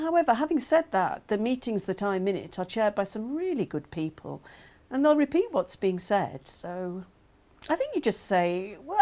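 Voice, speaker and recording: A woman's voice: fairly high pitch, mellow. An actress as a chatty woman. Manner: chatty, self-deprecating, laughing. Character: chatty adult woman with mild hearing loss. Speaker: actor voicing a woman's testimony. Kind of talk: scripted testimony monologue.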